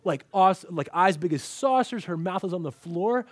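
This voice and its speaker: Male pastor, sermon delivery, fairly high voice, animated storyteller, dry close sound. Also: normal speed, no room sound. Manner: animated storytelling, acts out quoted lines. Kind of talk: expository sermon.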